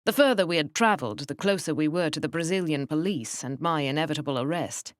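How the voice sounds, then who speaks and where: A woman narrating an audiobook in a measured, wry first-person manner. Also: sits low, no room sound, studio quality.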